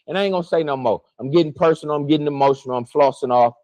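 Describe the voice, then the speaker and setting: A man delivering a heated, profane spiritual monologue to his viewers, preachy and emotional while fasting, his pitch swinging widely. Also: darkish tone, no echo, poor audio. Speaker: spiritual vlogger.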